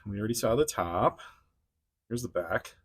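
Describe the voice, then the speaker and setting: A man's voice: lowish voice, animated, normal speed, breathy edge. A man hosting a casual toy unboxing review, rambling with frequent chuckles and restarts.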